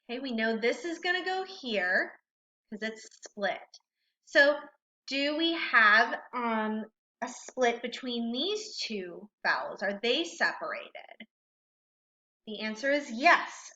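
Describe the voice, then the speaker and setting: A reading teacher leads a recorded phonics lesson, patiently posing questions and praising the learner. Her voice sits high, bright and forceful, and the recording sounds roomy and slightly dull.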